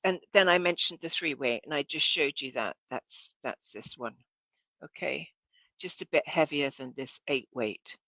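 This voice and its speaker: A woman's voice: deep voice, moderate pace, bright, forceful tone, no echo, muffled recording. A woman giving a casual, chatty demonstration lesson as a sewing instructor, correcting herself and asking viewers to look.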